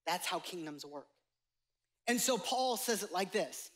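A man's voice: sits high, animated, unhurried, fairly bright tone. A male pastor preaching a sermon to a live congregation, conversational and emphatic, joking with the room. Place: church sanctuary with live congregation.

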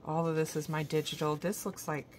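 Indoors, a woman hosting a craft channel gushes with admiration over handmade gifts in a show-and-tell unboxing vlog. Her low voice moves little in pitch and she talks fairly quickly, with slight background noise.

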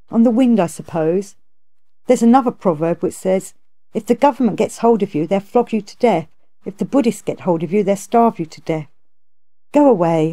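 A woman's voice: medium pitch, gravelly, dark tone. A woman reading aloud, voicing a gluttonous, boastful male pig monster who blusters and pleads.

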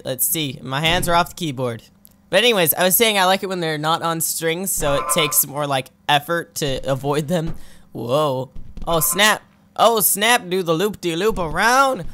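An excitable let's-play gamer with a bright, forceful voice. The talk runs playful, with yelps and laughs at each wipeout and jokes aimed at the characters on screen. A faint hiss sits under the home recording. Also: mid-range voice. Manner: playful, talks to the game characters. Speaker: gaming channel host.

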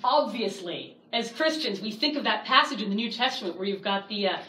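A woman's voice: mid-range voice, fairly quick. Woman teaching Bible class in an echoey room. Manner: lively, acts out quoted voices. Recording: echoey room, distant mic, faint hiss.

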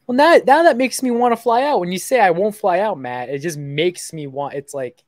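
Excitable, joking young woman host. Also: lowish voice, moderate pace, no room sound. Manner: excitable, swearing, jokey and self-mocking. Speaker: streaming host making sales calls. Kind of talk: casual live-stream banter.

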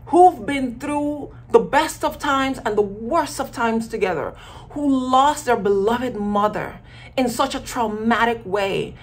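A woman's voice: fairly high pitch, husky. A woman giving a casual commentary monologue as a vlogger, emphatic and acting out quoted voices.

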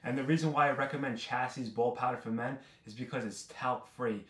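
A man's voice: mid-range voice, fairly even intonation, brisk, a bit bright. A young man from New York City casually reviewing a product, brash and joking as he talks straight to his viewers. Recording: roomy echo.

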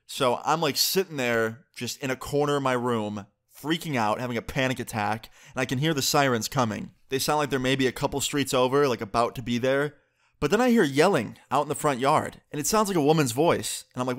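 Brief: male YouTuber in his twenties, energetic story-time narrator. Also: mid-range voice, fast. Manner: animated storytelling, fillers.

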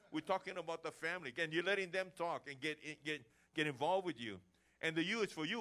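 A man preaches with a bright, forceful ring, his voice sitting a touch high for a man. He keeps the sermon energetic, slipping into everyday chats to make his points. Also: fast talker. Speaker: pastor. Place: church service.

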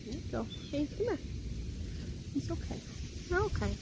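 High, sing-song woman cooing at dogs. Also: big pitch swings, normal speed. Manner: cooing, doting. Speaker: dog owner. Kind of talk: talking to her dogs. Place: outdoor yard. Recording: noisy outdoor recording.

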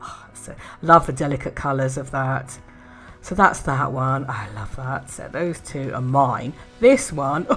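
Woman, deep for a woman, casual crafting vlog, admiring murmurs, soft laughs. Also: measured pace, faint music behind. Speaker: art and craft vlogger. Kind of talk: casual haul video chat.

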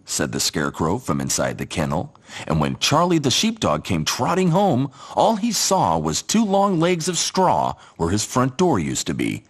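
Breathy male children's story narrator. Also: low voice, normal speed. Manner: gentle, expressive.

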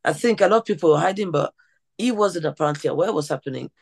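A woman's voice: fairly low pitch, animated, vocal fry, breathy edge. Woman podcast host, a teacher too, eager, chatty, stumbles and restarts a lot. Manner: enthusiastic, halting restarts. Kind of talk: conversational interview.

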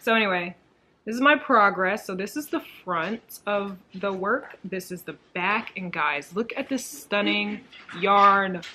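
A woman's voice: mid-range voice, a bit bright. A woman hosting her own knitting vlog, chatting casually in a giggly, gushing way at home. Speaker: knitting vlogger.

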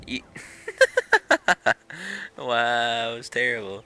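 A man doing let's play commentary, excitable, swearing and laughing at the game. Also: medium pitch, slow pace, no echo. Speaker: gaming channel host.

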